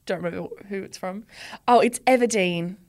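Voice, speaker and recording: A woman's voice: mid-range voice, fairly quick, a little mellow. An Australian woman co-hosting a podcast, chatting in a laid-back way and laughing easily. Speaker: podcast co-host. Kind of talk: casual chat.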